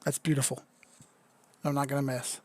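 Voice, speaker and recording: A man's voice: medium pitch, flat delivery, normal speed. A young man, a bit drunk, doing casual crypto chart commentary on a live stream, loose, joking and profane. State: tipsy.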